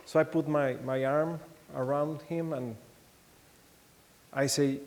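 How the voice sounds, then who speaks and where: A man with a Mexican accent giving a keynote talk, telling anecdotes in a halting way with many restarts and acting out the voices he quotes. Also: on the high side. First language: Spanish. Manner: animated storytelling, acts out quoted voices. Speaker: keynote speaker. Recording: long hall reverb.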